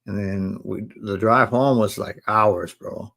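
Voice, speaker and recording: A man in his forties with a low, gravelly voice tells his story in a casual, unhurried way. He drops relaxed slang and calls his listeners bro, as if he is chatting with friends on a live stream. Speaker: live stream host sharing his testimony.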